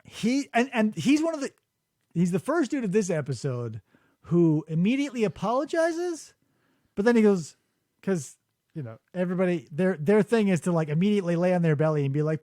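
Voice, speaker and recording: Podcast host, male, high lively voice, mocking riffs, dry studio sound. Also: fairly quick, no room sound. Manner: animated, mocking impressions. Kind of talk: casual comedic chat. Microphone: studio mic.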